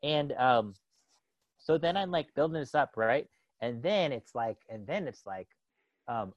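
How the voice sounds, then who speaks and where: Rambling dad on a podcast, dry sound. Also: male voice, medium pitch, moderate pace, dry recording, highs cut off. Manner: rambling, loaded with "like" and "right?", laughing often. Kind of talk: casual chat.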